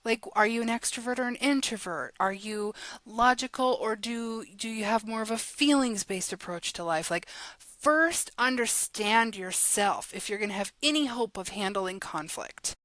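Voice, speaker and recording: A woman guest on a podcast, talking in a casual, animated way about her work and laughing often. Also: a little high, normal speed, hardly any pauses, no echo. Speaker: guest, guided journal creator and coach.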